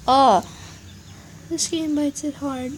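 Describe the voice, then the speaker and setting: Young female gaming host, high and unhurried, annoyed ranting commentary. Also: fairly even intonation, slight background noise. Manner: annoyed, ranting, muttering asides. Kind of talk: casual game commentary.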